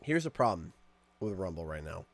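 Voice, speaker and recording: A man's voice: low-pitched, sing-song, normal speed, creaky. A Canadian man hosting a casual live stream from his home room, joking and playfully complaining at his desk mic. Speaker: streamer host.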